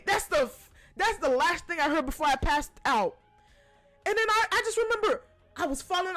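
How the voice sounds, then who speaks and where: A woman's voice: high-pitched, very animated, moderate pace, a bit bright, faint music behind. A woman hosting a podcast, telling a personal story in a casual, profane way and laughing between lines. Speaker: podcast host.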